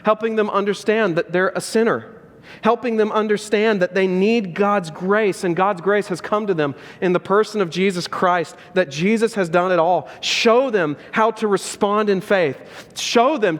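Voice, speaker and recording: Earnest pastor preaching in a big hall. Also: male voice, high voice, moderate pace. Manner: earnest and direct, repeats key lines for emphasis. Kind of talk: sermon. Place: church sanctuary. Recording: echoey hall with long reverb.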